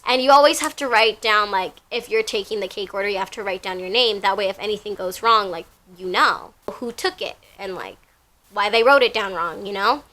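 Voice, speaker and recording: A young woman casually retelling a workplace story, chatty and animated, with lots of filler words. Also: mid-range voice, brisk. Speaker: storytime vlogger.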